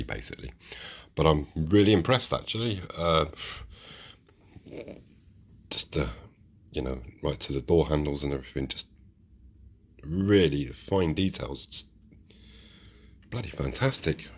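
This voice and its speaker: His voice is very deep and slightly rough. This UK host of a model railway channel rambles chattily through an unboxing of model trains, often restarting what he's saying.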